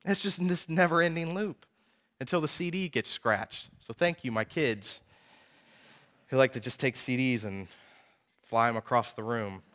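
A man in his thirties preaching a sermon, telling personal stories in a lively, conversational way with frequent asides to the audience. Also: mid-range voice, moderate pace. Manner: animated storytelling, conversational asides.

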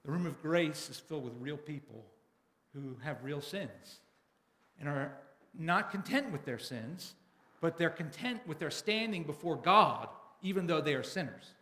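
A man's voice: on the high side, expressive, a little slow, pushed and bright, roomy sound. A man preaching a sermon, retelling a book passage and then addressing his congregation directly. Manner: reads a book passage aloud with dramatic feeling. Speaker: pastor.

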